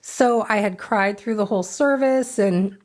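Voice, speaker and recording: A woman's voice: mid-range voice, a little slow. Candid middle-aged woman telling her recovery story. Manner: frank, emotional, re-enacts her own past words. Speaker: podcast guest.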